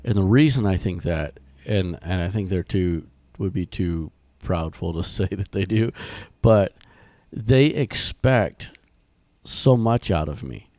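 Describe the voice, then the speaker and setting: A deep, warm man talks casually on a podcast, his voice worn down by a cold. He wanders through his points with fillers and restarts. The sound is dry and close. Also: slow pace, dry recording. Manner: rambling, many restarts and fillers. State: sick, rough voice. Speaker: podcast co-host.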